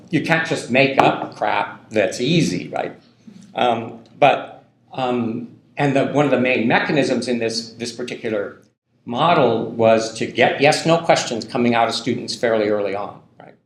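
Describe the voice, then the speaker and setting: A male university lecturer talks a class through a point in a relaxed, conversational way, and he often checks in with the listeners. His pitch sits in an ordinary middle range. The room is echoey, like a lecture hall. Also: a little slow. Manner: loose and conversational, many ums and tag questions.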